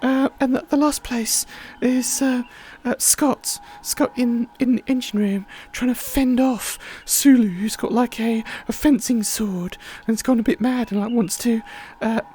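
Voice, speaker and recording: A woman's voice: fairly high pitch, unhurried, hardly any pauses, dark tone, slight background noise. A woman hosting a livestream, chatting in a rambling, casual way with many fillers. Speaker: livestream host.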